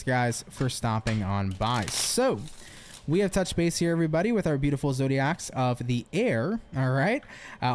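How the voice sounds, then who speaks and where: A man's voice: on the high side, darkish tone. A man giving a casual tarot reading, encouraging his listeners and swearing freely. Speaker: tarot reader.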